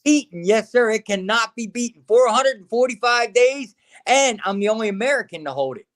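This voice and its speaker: An extremely high-pitched, fairly quick voice belongs to a middle-aged man who used to wrestle, sharing career tales in a casual interview. He animatedly acts out what others said and often calls the listener man or brother.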